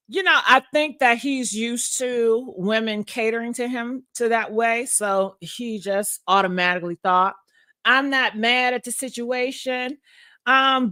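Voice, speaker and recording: A woman's voice: high-pitched, pushed and bright, dry recording, clean studio sound. A woman vlogger casually telling a personal story to her viewers, frank and profane, laughing often.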